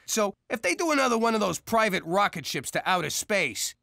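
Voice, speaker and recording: A brash, gravelly cartoon mobster. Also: male voice, high-pitched, sing-song, a little fast, background noise, full character voice. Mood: bossy. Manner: brash street talk, blustery. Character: mobster dad, brash but soft-hearted. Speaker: mob loan shark.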